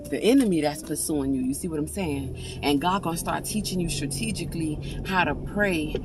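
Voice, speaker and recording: A woman's voice: sits low, noisy background. A woman giving an informal devotional talk, fervent and conversational, often restarting and turning to her listeners. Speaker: preacher sharing an encouraging message with viewers.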